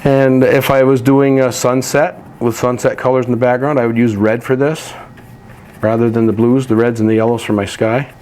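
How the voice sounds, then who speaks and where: Man calmly demonstrating an oil painting technique. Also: medium pitch, moderate pace, a little hiss or hum. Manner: relaxed, practical, explains while working. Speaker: painting instructor.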